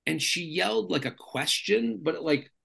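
Bright, gravelly-voiced man telling stories. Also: fairly high pitch, measured pace. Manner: rambling, filler-heavy, animated storyteller. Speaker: stand-up comedian guest. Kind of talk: casual storytelling chat.

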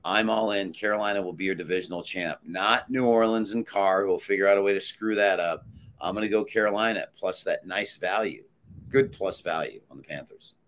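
A man's voice: low-pitched, a little fast, fairly bright tone, a little hiss or hum. A man who handicaps sports bets, giving firm, assured picks on a sports talk panel. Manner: assured, emphatic pick-maker.

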